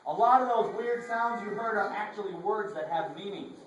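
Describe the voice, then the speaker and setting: A man's voice: sits high, normal speed, slight background noise. A man from Florida leading an educational show for children, coaxing them through call-and-response. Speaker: children's performer. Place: large library hall, indoors. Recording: echoey hall from far off.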